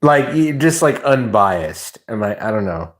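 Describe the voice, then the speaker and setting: A man's voice: fairly low pitch, big pitch swings, unhurried. A man hosting a livestream, chatting with viewers in a rambling, stammering way and swearing freely. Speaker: livestream host. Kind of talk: casual chat with stream viewers.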